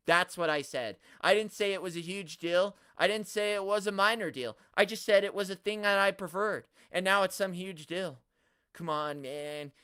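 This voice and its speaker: A man hosting a live stream, ranting at the chat in an animated, exaggerated way and swearing often. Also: sits high, clear, resonant tone, dry recording, clean studio sound. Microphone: studio mic, no camera.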